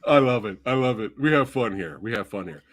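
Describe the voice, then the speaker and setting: A man hosting a casual movie review chat, gushing and excitable, swearing freely. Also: on the low side, a little fast. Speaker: podcast host.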